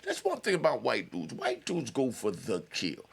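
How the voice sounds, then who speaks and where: A man hosting his own show, casually telling a long prison story in an animated, digressive way and laughing often. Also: medium pitch, normal speed, vocal fry, slightly rough.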